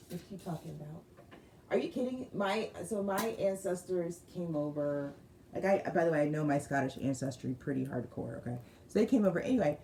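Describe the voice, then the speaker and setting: Low mellow lady doing a chatty crystal reading, goes off on tangents, faint hiss behind. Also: gravelly. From United States. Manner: chatty, digressive, reads aloud with emphasis. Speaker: spiritual reader. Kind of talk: casual crystal card reading.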